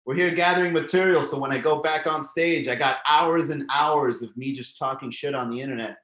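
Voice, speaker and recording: Profane casual live-stream host, echoey room. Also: male voice, fairly high pitch, brisk, fairly bright tone. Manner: loose and profane, riffs on chat comments. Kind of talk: casual live-stream chat reading comments.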